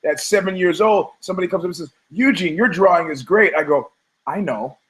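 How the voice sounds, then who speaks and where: A man hosting a talk show, delivering a rambling, emphatic monologue, swearing, stumbling over words and slipping into quick mimicry of other people. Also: high-pitched, fairly bright tone. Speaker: podcast host. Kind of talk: opinionated monologue.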